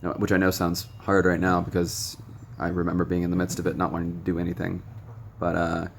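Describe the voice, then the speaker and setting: Young man, very low voice, gravelly, frank rambling vlog talk, faint background hiss. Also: monotone, brisk. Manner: frank and rambling, many ums, blunt swearing. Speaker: vlogger sharing recovery advice. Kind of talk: casual direct-to-camera monologue. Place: noisy room with stray tapping and beeping.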